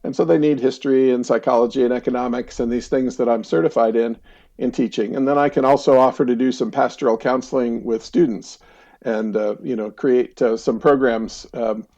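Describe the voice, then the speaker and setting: A middle-aged American man with a warm, mellow tone speaks as a podcast guest, chatty and relaxed with plenty of ums and easy laughter. His voice comes through slightly dull and lo-fi, as over a remote call. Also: medium pitch, brisk. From United States. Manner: relaxed, chatty, laughs easily, frequent fillers. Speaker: counselor guest. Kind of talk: casual interview storytelling.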